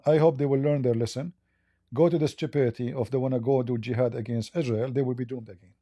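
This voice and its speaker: A man hosting a live call-in debate, speaking haltingly with repeated words and blunt, probing questions. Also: medium pitch, fairly even intonation, warm tone, no room sound, clean studio sound. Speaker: debate host.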